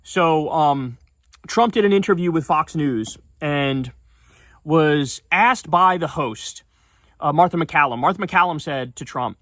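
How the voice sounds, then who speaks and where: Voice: medium pitch, a bit bright, dry recording, clean studio sound. Profane, indignant livestream ranter. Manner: profane, indignant, fast-talking. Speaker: streamer and political commentator. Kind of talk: casual livestream rant.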